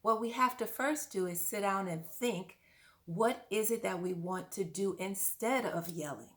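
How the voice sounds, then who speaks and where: A woman's voice: medium pitch, unhurried, a bit bright. A woman parent coach giving earnest, direct-to-camera advice, often putting questions to the listener.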